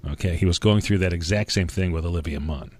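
A man's voice: deep voice, quick pace, darkish tone, no echo. A man hosting a podcast, chatting casually and eagerly about TV shows, often repeating words. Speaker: podcast host.

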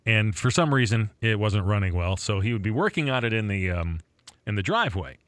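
A man's voice: on the low side, expressive, brisk, a bit bright, no room sound. A man co-hosting a radio after-show, chatting casually and telling family stories with stops, restarts and chuckles. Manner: rambling, chuckling, self-interrupting. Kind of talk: casual chat. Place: Rochester, New York area.

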